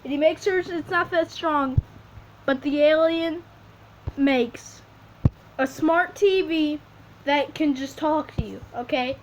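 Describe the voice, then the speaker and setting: A woman making up a story as she draws, rambling and halting, with many restarts. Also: high-pitched. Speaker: video creator. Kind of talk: improvised storytelling while drawing. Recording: dull lo-fi recording with faint hiss.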